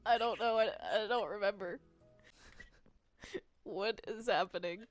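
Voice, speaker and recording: A woman playing a game roleplay in casual chat, laughing often and protesting with rapid repeated no's. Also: medium pitch, faint music behind. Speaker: player narrating a game roleplay.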